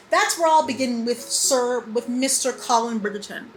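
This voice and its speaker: A woman in her twenties giving a casual, animated TV recap, repeating lines for emphasis and laughing often. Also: on the high side, normal speed, few pauses, faint music behind, poor audio. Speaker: beauty vlogger.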